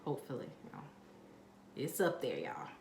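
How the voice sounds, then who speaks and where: A woman's voice: a bass voice, sing-song, normal speed, reverberant, background noise. A woman giving a casual pick-a-card tarot reading, chatty and rambling with lots of fillers.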